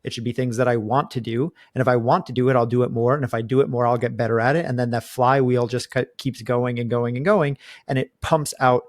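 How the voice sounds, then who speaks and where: A man hosting a podcast and working as a coach, explaining his ideas in a steady, conversational way. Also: mid-range voice, brisk, hardly any pauses, no room sound. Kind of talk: casual conversation.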